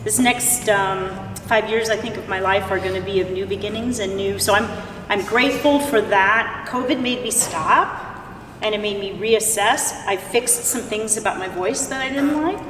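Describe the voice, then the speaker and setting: A woman's voice: mid-range voice, moderate pace, a bit bright. A female opera singer talking earnestly and reflectively as an interview guest. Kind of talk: casual interview chat. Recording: echoey church hall, distant mic, faint hiss.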